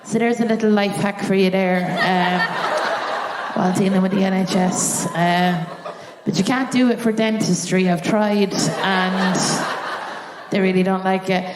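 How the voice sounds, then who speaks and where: Irish female comic, live on stage, lively storyteller, roomy hall sound. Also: mid-range voice, measured pace, very noisy. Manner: animated storytelling with acted-out voices. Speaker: stand-up comedian. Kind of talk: live stand-up set. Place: theatre stage before a live audience.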